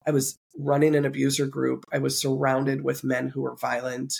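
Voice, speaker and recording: A woman's voice: very deep voice, monotone, moderate pace, vocal fry, breathy edge. A woman podcast host being interviewed, earnestly and reflectively recounting a personal story. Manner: earnest, reflective, occasional soft laughs.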